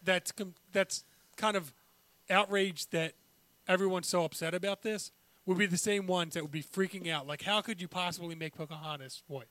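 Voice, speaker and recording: High bright-voiced hesitant man. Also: fairly even intonation, moderate pace. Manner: hesitant, restarts, hedging. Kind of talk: casual chat.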